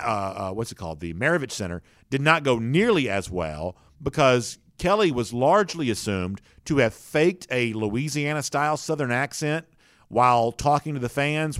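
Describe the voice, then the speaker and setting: A man's voice: medium pitch, a bit bright, dry recording, studio quality. A man hosting a sports talk show, giving casual, opinionated commentary with frequent fillers and restarts.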